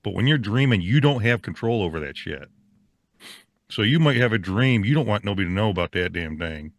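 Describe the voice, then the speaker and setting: A man's voice: fairly low pitch, lively intonation, brisk, no room sound, clean studio sound. A man co-hosting a podcast in casual chat, talking in a folksy way with double negatives. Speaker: podcast co-host.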